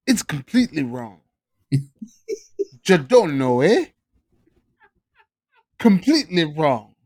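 A man's voice: very high-pitched, pitched above the performer's own voice. A man putting on a smug, dismissive male athlete, reading his message aloud in a mock Canadian accent that tacks on "eh".

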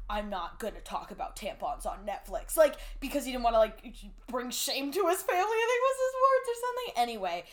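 Bright-voiced young woman, blunt and profane. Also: high voice. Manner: blunt, profane, laughing, reads texts aloud in mocking tones. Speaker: podcast host. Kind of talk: casual chat.

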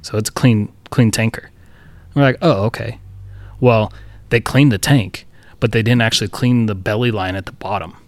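A man's voice: on the low side, steady tone, normal speed, no room sound. A man co-hosting a podcast, telling a workplace story in a loose, profane, chuckling way. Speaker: podcast co-host. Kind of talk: casual storytelling chat.

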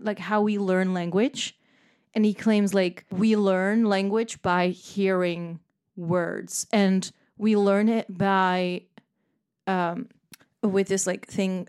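Animated, swearing young woman. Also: medium pitch. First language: Dutch. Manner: animated, profane, rambling and laughing. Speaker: podcast host. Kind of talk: casual solo chat.

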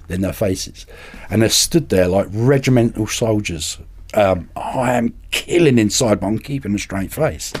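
A man, a podcast guest and carp angler, telling anecdotes in a lively way and acting out the voices of people in them. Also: on the low side, breathy edge. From England. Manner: animated, acts out other people's voices in anecdotes. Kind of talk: casual storytelling.

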